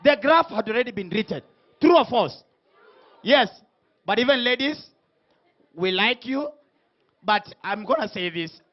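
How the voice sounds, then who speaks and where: A man hosting a comedy talk show, teasing guests and shouting hype lines to the live crowd. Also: extremely high pitch, lively intonation, measured pace, pauses often, muffled recording. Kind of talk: comic stage hosting before a live audience.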